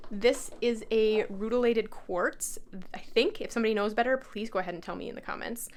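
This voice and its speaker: A young woman chatting enthusiastically in a casual vlog, showing off her tarot altar with many fillers and self-corrections. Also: fairly high pitch. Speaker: tarot reader and channel host. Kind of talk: casual show-and-tell vlog.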